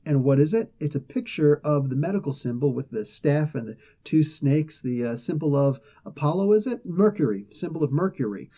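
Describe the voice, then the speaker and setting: A man hosting a casual comic book review, talking in a chatty, animated way with frequent laughs and side remarks. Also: on the high side, normal speed, hardly any pauses.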